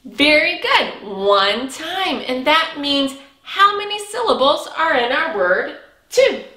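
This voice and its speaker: High, bright-voiced woman teaching toddlers. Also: sing-song. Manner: cheerful, drawn-out words and frequent praise. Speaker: preschool teacher. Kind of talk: slow, sing-song lesson for young children. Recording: echoey room.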